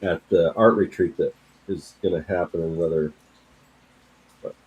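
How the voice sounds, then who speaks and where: Low husky-voiced man, halting talk. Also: phone-quality sound. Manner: hesitant, halting, talks while working. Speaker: comic artist guest. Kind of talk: casual chat.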